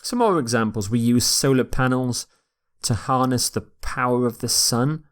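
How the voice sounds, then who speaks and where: A man teaching English vocabulary in a lecture, slowly repeating each word and its pronunciation for learners. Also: medium pitch, smooth. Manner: slow and deliberate, repeating words for pronunciation.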